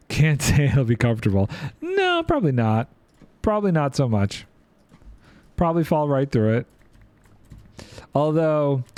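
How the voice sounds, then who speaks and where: A man's voice: a little high, dark tone, no echo. A man streaming a building game, chatting playfully and thinking aloud while reading chat. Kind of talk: casual gameplay commentary.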